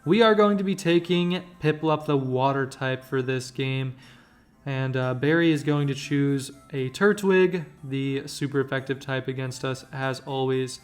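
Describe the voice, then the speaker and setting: A man's voice: medium pitch, a little slow. A man hosting a let's-play, giving joking, rambling commentary over the game. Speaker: gaming channel host.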